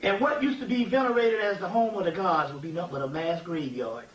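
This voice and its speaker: A man giving an informal spiritual lecture, animated and digressive, often checking that listeners follow. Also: sits high, a little fast. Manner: animated, digressive, keeps asking "you see what I'm saying". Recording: echoey room, distant mic, faint ambient noise.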